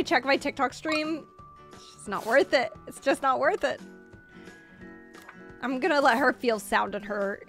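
Young woman streaming a game, high voice, nervous giggly rambling, faint music behind. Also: fairly bright tone. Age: 20s. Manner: chatty, flustered, laughs nervously. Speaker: Roblox streamer. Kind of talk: live gameplay stream chat.

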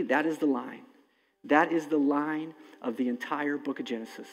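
A man preaching a sermon as pastor, impassioned, swinging between loud emphasis and hushed, slow lines. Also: fairly high pitch, soft background music. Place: church sanctuary. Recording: long hall reverb.

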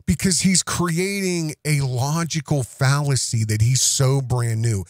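A man's voice: mid-range voice, unhurried, few pauses, no echo, studio quality. A man hosting a podcast, delivering accusatory commentary in an emphatic way, repeating himself and restarting phrases. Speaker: podcast host.

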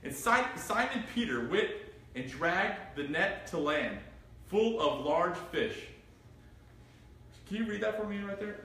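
A man leads a Bible study in an animated, rising voice, reading scripture aloud and firing questions at his listeners. He sounds like he is standing well back from the mic in a very echoey room. Faint noise sits under his voice. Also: high voice, measured pace, recorded from a distance. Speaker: pastor. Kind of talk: interactive Bible study sermon. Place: church room.

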